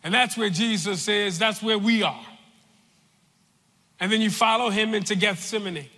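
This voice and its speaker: A man preaching a sermon in a large church, slow and deliberate, repeating phrases for weight. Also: high voice, bright, forceful tone, long reverb tail.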